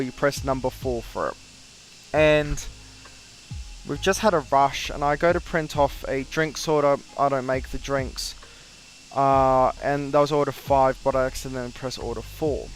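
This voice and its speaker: A man's voice: on the high side, slight background noise. A young Australian man casually telling a story about work, animatedly acting out what others said. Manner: animated, quotes people in raised voices. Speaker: flight sim streamer.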